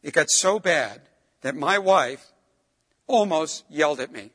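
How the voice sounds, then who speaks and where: A middle-aged man preaching a sermon, emphatic, pushing up on stressed words and dropping low and soft for asides. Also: animated, unhurried, slightly rough, long reverb tail.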